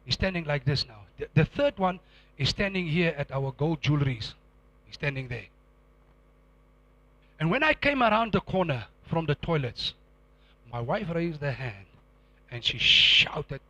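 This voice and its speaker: A middle-aged man, preaching a sermon and telling a dramatic testimony, acting out scenes with sudden loud outbursts. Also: sits high, animated, normal speed, no room sound.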